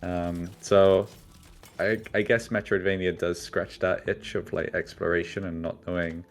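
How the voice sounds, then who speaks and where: A man's voice: sits low, level tone, unhurried. A man with an American accent, a game developer guest, talking casually and hesitantly with many fillers. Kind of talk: casual conversation.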